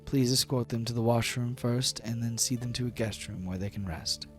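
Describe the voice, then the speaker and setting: A man's voice: mid-range voice, normal speed, faint music behind, voice pushed up, natural voice. A man voicing a noble gnome lady who speaks politely with a subdued, weary tone. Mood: gracious.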